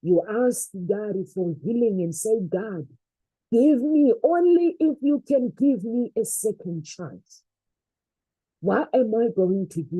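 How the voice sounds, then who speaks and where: A woman's voice: medium pitch, warm tone, breathy edge, no room sound, poor audio. A woman giving an earnest, faith-based motivational talk, repeating phrases for emphasis. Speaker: motivational speaker.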